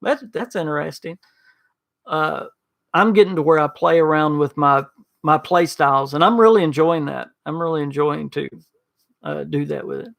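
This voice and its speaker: A man's voice: fairly high pitch, moderate pace, vocal fry, a bit bright. A man hosting a gaming podcast livestream, rambling casually, stumbling over restarts and answering chat messages by name. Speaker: podcast host reading live chat.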